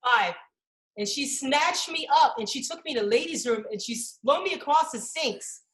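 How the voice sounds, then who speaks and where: A woman's voice: high voice, moderate pace, roomy sound. A woman, a comedian guest, telling funny stories in casual podcast chat and acting out voices. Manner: animated, acts out voices in stories.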